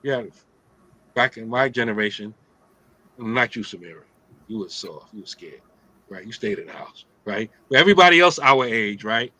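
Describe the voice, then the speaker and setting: A man's voice: medium pitch, expressive, normal speed, pauses often, bright, forceful tone, no echo, low-quality recording. A middle-aged man hosting a casual religious talk, streetwise and joking, often asking "right?". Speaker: host of an Islamic talk show.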